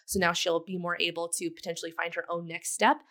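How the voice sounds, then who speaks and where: A woman's voice: on the low side, little pitch movement, fairly quick, a bit bright. Reflective woman telling a parenting story. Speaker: co-host. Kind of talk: casual parenting podcast chat.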